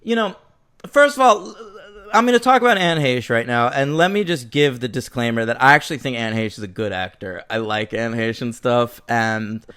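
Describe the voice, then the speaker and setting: Guy on a movie podcast, super animated, swears a lot, voice jumps all over. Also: mid-range voice, normal speed, clear, resonant tone. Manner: animated, profane, acts out lines. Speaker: podcast co-host. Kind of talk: casual film review chat.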